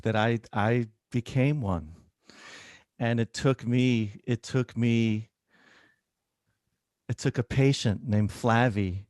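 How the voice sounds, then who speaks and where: A man, an oncologist, telling a personal story in an interview, animated and acting out dialogue. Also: fairly low pitch, dry recording, clean studio sound. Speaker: oncologist, guest.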